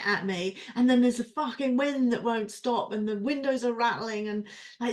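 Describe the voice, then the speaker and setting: A woman's voice: on the high side, brisk. A woman co-host venting her frustrations in a coaching chat, rambling and exasperated, with swearing. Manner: rambling, with self-interruptions. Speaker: podcast co-host. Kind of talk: venting during a coaching session.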